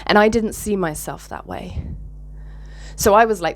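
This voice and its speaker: A woman's voice: mid-range voice, a little slow, long pauses. A candid woman talks straight to camera in a loose, reflective vlog monologue. She speaks openly and emotionally about her feelings and swears freely as she thinks aloud. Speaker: vlogger.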